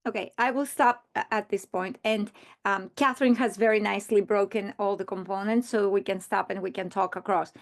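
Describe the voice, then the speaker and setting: A woman's voice: medium pitch, fairly even intonation, brisk, vocal fry. A woman training teachers in a recorded presentation, explaining earnestly and often restarting her sentences.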